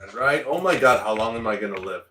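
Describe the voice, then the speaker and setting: A man's voice: on the low side, lively intonation, fast, a bit bright, far from the mic, a little hiss or hum. A man hosting a strategy game playthrough in casual commentary, slipping into playful mock outrage as his ruler. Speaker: let's play host. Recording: roomy echo, away from the mic.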